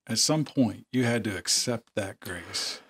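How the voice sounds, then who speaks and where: A man hosting a podcast, asking slow, thoughtful questions with halting phrasing. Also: lowish voice, a bit bright. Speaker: podcast host. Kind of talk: reflective interview questions.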